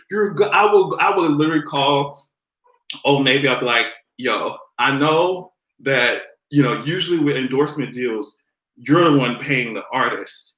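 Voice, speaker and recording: A man's voice: medium pitch, moderate pace, a bit bright, echoey room. A man hosting a casual commentary vlog, sassy and profane, laughing often as he talks. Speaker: host.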